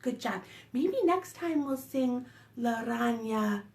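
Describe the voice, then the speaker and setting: A woman children's librarian leading a preschool storytime, singing and talking to small children in an animated sing-song way. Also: a little high, takes it slowly, echoey room. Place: home, recorded for online storytime.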